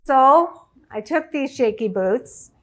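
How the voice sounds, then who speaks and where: A middle-aged woman, a life coach, telling a personal story to an audience in an emotional, halting way. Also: on the high side, a little hiss or hum. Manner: emotional, halting, tearful at times.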